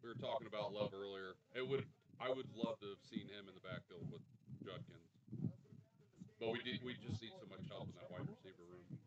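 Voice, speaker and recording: A man's voice: lowish voice, brisk, dull audio, a crowd in the background. A man co-hosting a casual live sports podcast, giving laid-back, sarcastic takes on draft picks. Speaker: podcast co-host.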